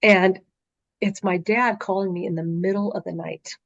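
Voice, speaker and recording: A woman's voice: medium pitch, fairly even intonation, moderate pace, no echo. A middle-aged woman on a podcast as a guest, recounting a dream in vivid, conversational storytelling with frequent fillers, on slightly muffled audio. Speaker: podcast guest, author and speaker.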